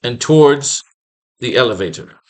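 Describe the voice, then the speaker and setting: A man's voice: medium pitch, expressive, moderate pace. A man teaching comic writing in a casual, rambling and profane way, acting out scenes as he plans pages.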